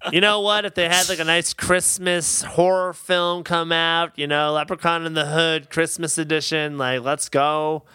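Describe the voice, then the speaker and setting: A man co-hosting a podcast in casual chat, emphatic and animated, laughing often. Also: on the high side, moderate pace, hardly any pauses, clear, resonant tone, no room sound. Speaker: podcast co-host.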